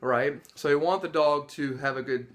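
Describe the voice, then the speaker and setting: A man's voice: on the high side, moderate pace, fairly bright tone. A man working as a dog trainer, talking casually to the camera about training and testing dogs. He acts out dogs' and people's reactions with gasps and laughs. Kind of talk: casual instructional talk to camera.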